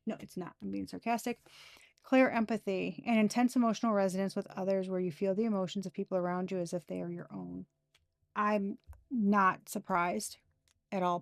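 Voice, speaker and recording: Slow, gravelly-voiced woman reading tarot. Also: medium pitch, a little mellow, dry recording, studio quality. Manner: slow, drawling, full of fillers, sarcastic asides. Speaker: tarot reader.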